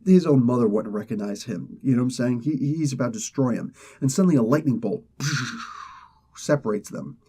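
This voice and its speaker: Male comic-show host, casual excitable recap, husky tone, mellow timbre. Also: medium pitch, fast, hardly any pauses. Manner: excitable storyteller, many fillers and restarts. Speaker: comic book reviewer, host.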